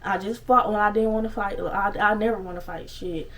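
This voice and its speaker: A young woman telling a story casually on her vlog, animated and swearing freely, with lots of asides. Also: mid-range voice, a little fast, far from the mic, low-quality recording. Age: young adult. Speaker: storytime vlogger.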